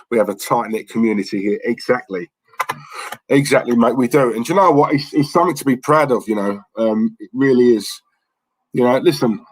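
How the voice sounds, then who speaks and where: Male streamer, talks straight and never stops, mid-pitched voice, dry close sound. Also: breathy edge, dry recording, low-quality recording. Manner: blunt, rambling, chatty, reads viewer messages aloud. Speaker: livestream host. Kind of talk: casual live-stream chat.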